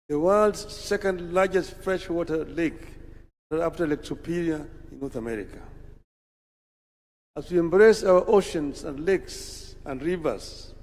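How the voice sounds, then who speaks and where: A Kenyan man giving a formal prepared speech at a national celebration, in measured, deliberate oratory with pauses. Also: fairly high pitch, a little mellow. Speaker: political speaker. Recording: long hall-like reverb from PA.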